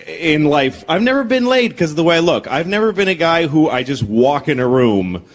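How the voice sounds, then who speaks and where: A man in his forties performing a self-deprecating, deadpan stand-up comedy set on stage. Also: fairly high pitch, moderate pace. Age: 40s. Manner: deadpan, self-deprecating, acts out bits in character voices. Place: comedy stage before a live audience. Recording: live set with loud crowd laughter.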